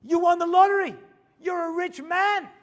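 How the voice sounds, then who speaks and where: A rabbi putting on an urgent excited man, high lively voice. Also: brisk, heavily acted. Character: excited man shouting lottery news.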